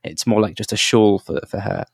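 A man's voice: on the low side, brisk, slightly rough, no room sound, clean studio sound. A man narrating a tabletop game as game master, descriptive and full of restarts. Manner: descriptive, hesitant, many restarts.

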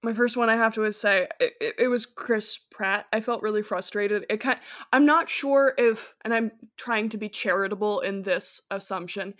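A woman's voice: mid-range voice, a bit bright. A woman co-hosting a podcast, chatting casually in a giggly, teasing way. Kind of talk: casual chat.

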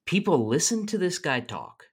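A man's voice: on the high side, big pitch swings, moderate pace, husky. A man co-hosting a comedy podcast, chatting casually with sarcastic, wry remarks. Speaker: podcast co-host.

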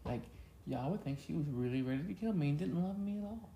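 In an echoey room with faint background noise, a man with a highish, warm voice talks quickly and expressively. He's a podcast co-host keeping the chat casual, full of jokes, teasing, and a Southern "y'all."

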